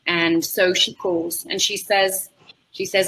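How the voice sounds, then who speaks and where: A woman's voice: mid-range voice, moderate pace, a little hiss or hum, low-quality recording. A woman, an animal communicator telling stories in conversation and acting out what clients say. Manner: expressive, acts out quoted clients. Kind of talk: conversational storytelling.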